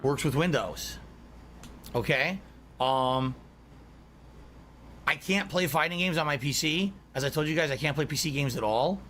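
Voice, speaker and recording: A man's voice: on the high side, unhurried, long pauses, pushed and bright, slight background noise. A male streamer chatting casually and reading out messages from his chat.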